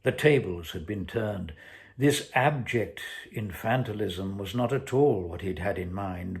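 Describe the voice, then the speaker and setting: A man, an actor, reading his own short story aloud in a measured, deliberate way. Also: lowish voice. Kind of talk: scripted story narration.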